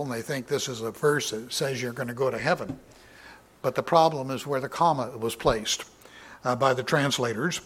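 In a sermon, a man with a mid-range voice reads Bible passages aloud with raised emphasis, then explains them plainly and casually. His delivery is unpolished and conversational, full of fillers and restarts, and he clears his throat now and then.

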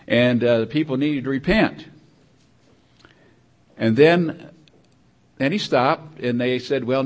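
Older male preacher, mid pitch, loose rambling sermon delivery with restarts. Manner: rambling, repetitive, conversational preaching with frequent restarts.

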